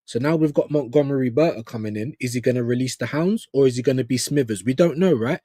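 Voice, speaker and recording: A man's voice: medium pitch, fast, warm tone, no room sound, clean studio sound. A man co-hosting a casual football chat, chatty and emphatic, with slang. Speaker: co-host.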